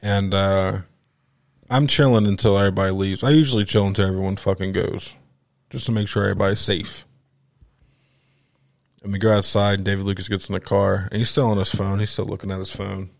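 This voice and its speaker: A Philly guy hosting a podcast tells a story in casual chat, his voice low, gravelly, and a little fast. He's animated, doing everyone's voices and acting out their lines with profanity and laughter, on a dry close mic with no echo.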